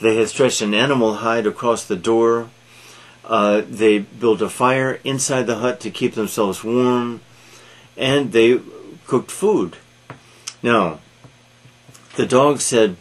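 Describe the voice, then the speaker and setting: A man telling an animal fable aloud, halting with frequent fillers and restarts. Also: medium pitch. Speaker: storyteller. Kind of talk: read-aloud storytelling.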